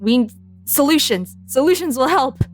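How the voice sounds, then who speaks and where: A woman's voice: high voice, animated, normal speed. A woman streamer giving playful, giggly commentary while she plays a game and talks back to the characters. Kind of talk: casual gameplay commentary. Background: faint game music.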